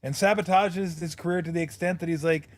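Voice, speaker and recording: A man's voice: a little high, fairly even intonation, brisk, dry recording. A man hosting a sports talk show, chatting loosely and swearing freely as he jokes with his guest. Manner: loose, profane, joking. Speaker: radio show host, former player.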